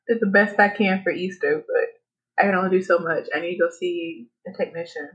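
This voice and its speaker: A woman's voice: lowish voice, a little fast, fairly bright tone, husky. A woman co-hosting a podcast in casual chat, blunt and profane, laughing often. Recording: dull lo-fi recording.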